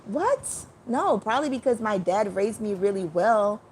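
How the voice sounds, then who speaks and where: A woman hosting a casual livestream, rambling and chatty, breaking off to greet viewers with sudden high exclamations. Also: moderate pace, darkish tone, slight background noise. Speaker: livestream host.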